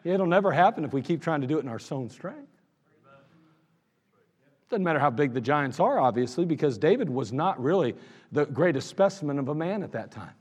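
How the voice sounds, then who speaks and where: A man's voice: fairly high pitch, big pitch swings, a little fast, a little mellow, husky. A man preaching a sermon as pastor, telling the story with animation and acting out the quoted lines. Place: church sanctuary. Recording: echoey church hall with long reverb.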